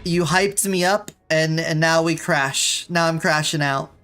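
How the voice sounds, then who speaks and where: A woman's voice: low voice, measured pace, fairly bright tone, faint music behind. A woman streaming a video game, chatting casually with viewers and pleading in exasperation with the game. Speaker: VTuber streamer. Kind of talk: casual gameplay streaming chat.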